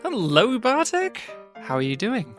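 Joking podcast host, a bit croaky. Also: male voice, sits high, moderate pace, a bit bright, soft background music. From Australia. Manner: joking, playful, self-deprecating. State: getting croaky. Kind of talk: casual chat.

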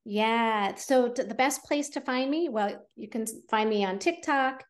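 A woman's voice: a little high, a little slow. A woman guest on a podcast, a fertility coach explaining her methods in an earnest, conversational way with fillers. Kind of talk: podcast interview.

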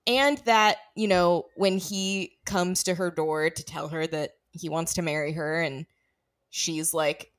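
A woman's voice: lowish voice, steady tone, a little slow. A woman co-hosting a movie podcast, chatting casually and animatedly, often slipping into movie quotes. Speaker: podcast co-host. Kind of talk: casual chat.

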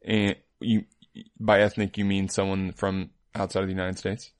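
A man's voice: deep voice, little pitch movement, moderate pace. A man co-hosting a podcast, chatting casually and telling rambling, playful stories full of "like"s. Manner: rambling, playful storytelling with many "like"s. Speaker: podcast co-host. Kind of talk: casual chat.

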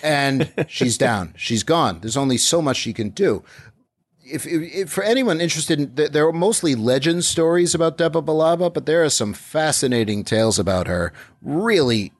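A man's voice: a little high, animated, moderate pace. Playful man recapping an episode. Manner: playful, slips into silly voices while retelling scenes. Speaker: podcast host recapping an episode. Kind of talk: casual recap chat.

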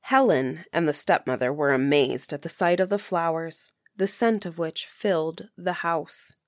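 Slow, low-voiced woman reading a fairy tale. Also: no echo, clean studio sound. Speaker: storyteller. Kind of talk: storybook reading.

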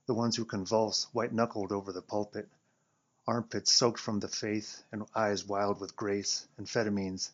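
Man, lowish voice, wry first-person story reader, muffled lo-fi recording. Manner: wry, sardonic narration. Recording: dull lo-fi recording.

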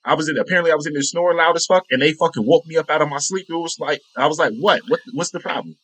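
A man telling profane, animated stories in a casual chat. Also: fairly high pitch, rapid-fire, poor audio.

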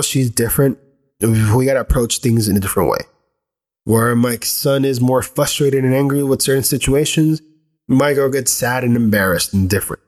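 A man in his thirties speaks as a father, earnest and candid, at an ordinary mid-range pitch. He rambles a little as he talks through his thoughts, open and unpolished. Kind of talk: reflective personal talk.

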